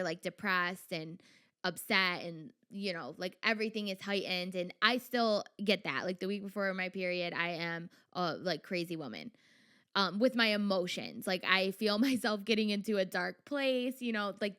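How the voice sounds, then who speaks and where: A young adult woman hosting her own podcast, talking in a chatty, animated way with lots of fillers and quoted inner voices. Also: mid-range voice, normal speed, clean tone. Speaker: podcast host. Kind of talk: casual solo podcast talk.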